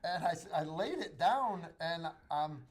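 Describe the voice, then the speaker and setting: Host, male, American, slightly high voice, halting casual storyteller. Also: lively intonation. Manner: rambling, halting storyteller with many restarts.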